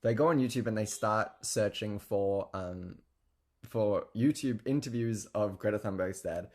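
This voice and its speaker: A man's voice: fairly low pitch, a little slow. A man telling a story in a casual, chatty way, with lots of fillers and laughing asides. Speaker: guest telling an anecdote.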